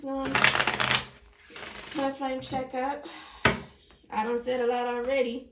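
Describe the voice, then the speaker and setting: A woman's voice: high voice, little pitch movement, slow pace, pauses often, darkish tone, a little hiss or hum. A young woman reading tarot cards in a casual, emotional way, often laughing. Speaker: tarot reader. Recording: echoey room, voice from a distance.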